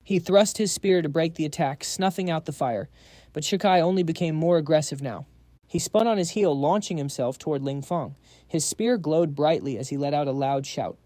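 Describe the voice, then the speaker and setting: A man's voice: fairly high pitch, normal speed, mellow, no room sound. A man narrating a fantasy comic recap in a dramatic, scripted storytelling style.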